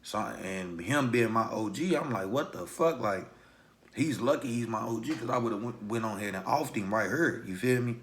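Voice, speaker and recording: Young Louisville man, slightly low voice, casual street storyteller for a vlog. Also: normal speed. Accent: Louisville, Kentucky. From Louisville, Kentucky. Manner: street slang, animated retelling with acted quotes. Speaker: vlogger.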